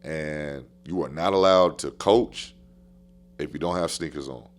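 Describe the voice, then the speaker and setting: Deep-voiced man telling coaching stories. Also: unhurried. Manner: animated, slangy, repeats phrases for emphasis. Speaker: basketball coach. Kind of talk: casual podcast storytelling.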